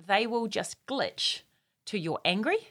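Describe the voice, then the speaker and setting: Lively New woman explaining. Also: medium pitch, unhurried. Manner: lively, laughs often, acts out quotes. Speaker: parenting expert guest. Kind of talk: explanatory chat.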